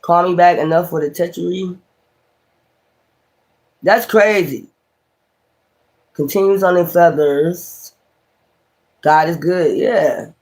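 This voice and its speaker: A man's voice: high voice, takes it slowly, pauses often, darkish tone. A man giving a casual tarot reading, talking in a profane, exclamatory, rambling way. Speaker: tarot reader.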